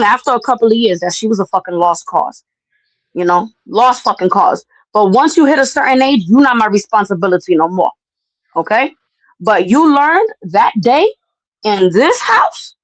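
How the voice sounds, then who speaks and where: A woman hosting a casual talk show, telling a family story in a brash, profane and animated way. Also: a little high, moderate pace, no room sound, poor audio. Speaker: podcast host.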